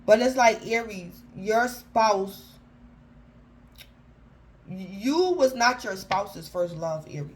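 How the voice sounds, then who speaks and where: A woman's voice: medium pitch, lively intonation, slow, pauses often, a little hiss or hum, poor audio. A woman giving a casual tarot reading, talking informally and keeping up a running address to her listener by star sign. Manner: chatty, keeps calling out the sign by name; informal slangy phrasing with frequent restarts. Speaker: tarot reader.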